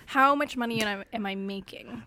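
A woman with a fairly high voice chats with friends, reacting loudly and laughing easily. Faint clicking sounds sit behind her. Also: a little hiss or hum. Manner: animated, quick to react with disgust and laughter. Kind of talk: casual chat.

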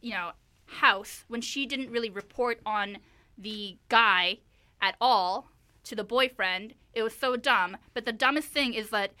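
A woman's voice: on the high side, measured pace. A woman co-hosting a podcast, chatting casually and animatedly about a film she saw, with lots of fillers. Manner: animated, many "like" and "you know" fillers. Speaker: podcast co-host. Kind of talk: casual chat recapping a film.

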